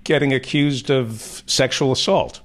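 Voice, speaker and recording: A man's voice: mid-range voice, measured pace. A man hosting a casual interview, asking wry, teasing setup questions. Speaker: host.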